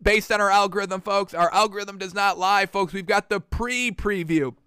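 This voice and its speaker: Male sports host, high clear voice, excitable and chatty, dry close mic. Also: moderate pace, no room sound. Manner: excitable, chatty, many fillers. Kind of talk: casual sports betting talk.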